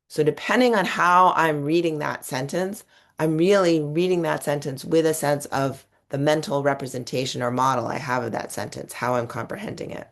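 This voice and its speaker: A woman giving a webinar presentation and explaining her slides step by step, with occasional restarts mid-word. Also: sits low. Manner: explanatory, talks through slides. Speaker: webinar presenter on reading instruction.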